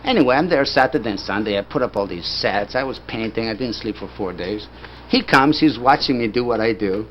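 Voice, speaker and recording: A man's voice: on the low side, animated, a little fast. Older man, casual anecdotal storyteller, acts out both sides of old conversations, muffled lo-fi take with faint noise. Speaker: filmmaker recounting his career. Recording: dull lo-fi recording with faint background noise.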